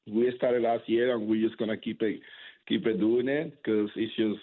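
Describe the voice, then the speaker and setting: A man, a professional baseball pitcher, answering interview questions casually, rambling with lots of fillers and restarts. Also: flat delivery, moderate pace. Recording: tinny phone-like sound.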